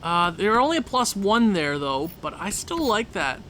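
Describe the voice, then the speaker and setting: A man's voice: sits high, very animated, moderate pace, pushed and bright, slight background noise. A young Canadian man giving casual, rambling commentary on a game, talking to himself with jokey asides. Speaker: gaming video creator.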